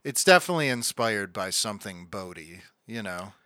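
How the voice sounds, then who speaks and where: A man's voice: fairly low pitch, animated, moderate pace, bright, forceful tone, no echo. A man co-hosting a podcast, chatting casually and adding dry side comments about a cartoon episode. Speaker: podcast co-host.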